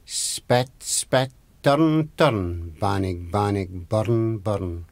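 A man with an Aberdeen Scottish accent voicing a small male fairy who works magic and chants spells in a low voice. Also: lively intonation, moderate pace, creaky, dry recording. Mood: chanting.

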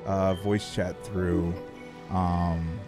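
A man live-streaming a game, his voice sitting low as he talks at an unhurried drawl. He swears freely, laughs a lot and trails off into restarts. Game music plays clearly behind him. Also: flat delivery. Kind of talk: casual live-stream chat while gaming.

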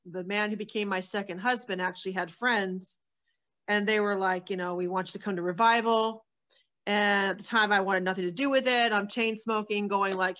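A woman's voice: medium pitch, fairly even intonation, normal speed, a bit bright, muffled recording. A woman sharing her personal testimony as a guest, in a candid, earnest storytelling manner with many fillers.

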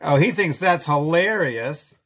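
A man's voice: a little high, expressive, a little slow, fairly bright tone, husky. A middle-aged man chatting casually through a drawing tutorial, self-deprecating and chuckling as he goes. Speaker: children's author drawing a comic.

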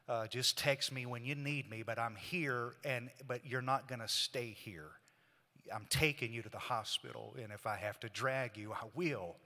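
Guy eulogizing his brother at church, halting and emotional, voice rings out in a big echoey hall. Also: medium pitch, sharp tone. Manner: halting, emotional retelling with quoted dialogue. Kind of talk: heartfelt eulogy storytelling. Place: church memorial service in a large hall.

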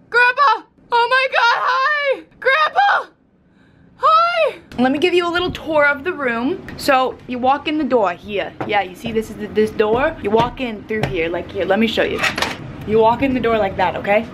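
A woman's voice: a little high, a little fast, background noise. A young woman vlogging casually from a hotel room, bubbly and goofy, talking to herself into a handheld camera.

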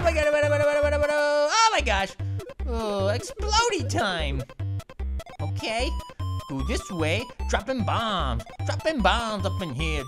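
A woman voicing an excitable cartoon grape who hosts a gaming channel, talking to herself in a jumpy, silly way and repeating phrases. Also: medium pitch. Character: excitable cartoon grape playing video games. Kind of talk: cartoon let's-play commentary.

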